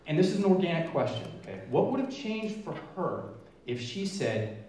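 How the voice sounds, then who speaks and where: Energetic man speaking in an echoey hall. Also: fairly high pitch, moderate pace, recorded from a distance, a little hiss or hum. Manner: energetic, emphatic, stretches key words. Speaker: featured speaker. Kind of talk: live motivational presentation. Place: large event hall.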